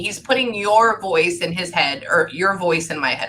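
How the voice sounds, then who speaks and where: A woman working as a psychic medium, giving a chatty, excitable reading to a client over a call. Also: medium pitch, unhurried, slight background noise. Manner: excitable, chatty, filler-heavy.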